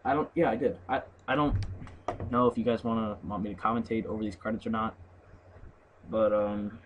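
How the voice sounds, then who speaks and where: Low-voiced young man reading game text. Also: steady tone, brisk, highs cut off. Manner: reads in a loose, mumbling way, skips words, laughs and swears. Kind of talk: casual gaming commentary, reading on-screen text aloud. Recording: faint background noise.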